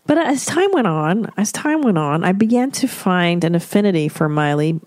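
A woman's voice: fairly low pitch, sing-song, normal speed, a little mellow, dry recording. A woman hosting a casual solo podcast, telling stories in a blunt, profane, rambling way. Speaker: podcast host.

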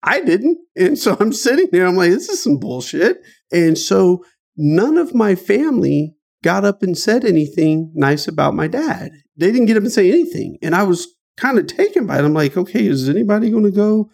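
His pitch swings widely at a normal speed, with a creaky, slightly mellow quality. A middle-aged guest author from Dayton, Ohio, he tells an emotional personal story in an interview, earnestly, with his voice rising when it gets painful.

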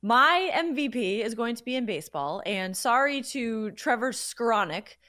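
A woman's voice: fairly high pitch, lively intonation, normal speed, sharp tone, no echo. Enthusiastic woman in a dry studio. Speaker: co-host. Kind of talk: casual sports talk.

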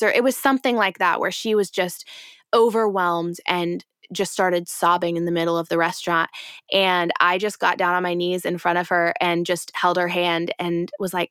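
Earnest young woman, smooth low voice. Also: a bit bright, dry recording, studio quality. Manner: earnest, reflective, slows down on key points. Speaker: podcast co-host. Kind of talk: casual faith-based podcast chat and storytelling.

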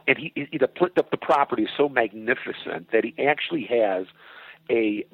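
An older man, a comedy writer and producer, telling an animated, profane story as a guest on a phone interview from his home. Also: on the low side, no room sound. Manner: animated, profane storyteller who acts out other people's lines. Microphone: telephone. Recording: tinny phone line, husky and dry.

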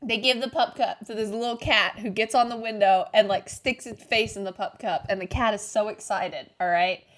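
A woman co-hosting a podcast who tells stories in a chatty way. She keeps checking in with "okay?" and "right?" as she goes. Her voice sits at an average pitch for a woman. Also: steady tone, moderate pace, few pauses. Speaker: podcast co-host. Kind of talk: casual chat.

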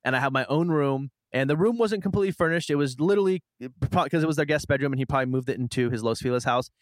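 A man casually telling a long personal story as a guest, chatty and animated, acting out what people said. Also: mid-range voice, racing, no echo. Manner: chatty, animated retelling with quoted asides. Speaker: podcast guest.

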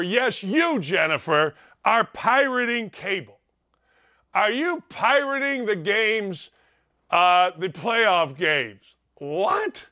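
A man hosting a sports talk show, ranting sarcastically and mocking with loud outbursts. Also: sits high.

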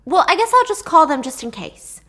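A woman's voice: very high-pitched, sing-song, a little fast, a bit bright, pitched above the performer's own voice, exaggerated voice. A woman voicing a flustered middle-aged mother who hesitates and stammers. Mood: uneasy.

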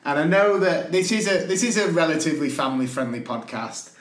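A man's voice: on the high side, lively intonation, brisk. A man co-hosting a casual podcast, breaking into laughing mock rants. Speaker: podcast co-host and teacher. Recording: echoey room.

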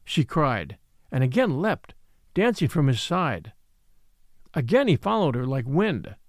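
Expressive male audiobook narrator. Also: medium pitch, unhurried, no echo, clean studio sound. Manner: dramatic, expressive reading.

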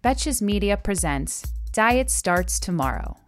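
A woman narrating a scripted podcast intro as a smooth announcer. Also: medium pitch, very animated, takes it slowly. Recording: faint music behind the voice. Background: faint music.

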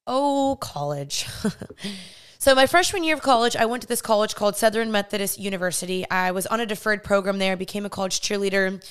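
A young woman tells her personal story on her podcast, animated and acting out the people she remembers. Her voice is smooth and clear, sitting at an ordinary middle pitch. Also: brisk. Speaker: podcast host. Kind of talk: personal testimony monologue.

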